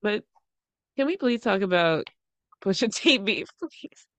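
A woman's voice: mid-range voice, animated, a little slow, fairly bright tone, no room sound. A woman co-hosting a casual gossip podcast, mocking and profane, laughing often. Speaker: podcast co-host.

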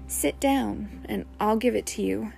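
Reader voicing earnest young man, calm and soothing, close to her own voice, music under it. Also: medium pitch, measured pace, vocal fry.

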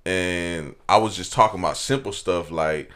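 A man's voice: low voice, moderate pace, a bit bright. A young man speaking in a laid-back way, telling stories and asking the group questions. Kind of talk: casual chat, storytelling.

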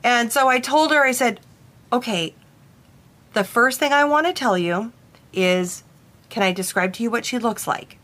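A young woman who works with brides casually telling a story about a spirit, animated and full of "like" fillers. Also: on the high side, unhurried, pauses often. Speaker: bridal stylist and medium.

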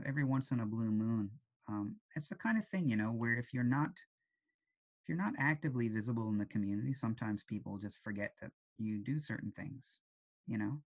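A man's voice: medium pitch, dull audio. A man, an actor and director, talking casually as an interview guest, thoughtful and hesitant, with frequent ums. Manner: thoughtful, with many ums and restarts.

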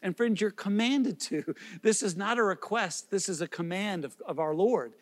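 A man's voice: sits high, moderate pace, big-room sound. A man preaching as a pastor, earnest and pleading, with repeated questions and small restarts. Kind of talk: sermon.

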